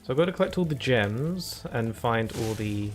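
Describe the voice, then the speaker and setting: A man commentates his own live game stream in a relaxed, rambling way, chatting to viewers between moves. His voice sits at an ordinary middle pitch. Quiet game music runs softly behind him. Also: normal speed. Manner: chatty and rambling, talks to chat between laughs.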